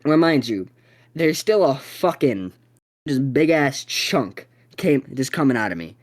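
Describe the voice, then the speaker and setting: A young adult podcast co-host telling a story in casual chat, swearing constantly and rambling with sudden excited bursts. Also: mid-range voice, unhurried.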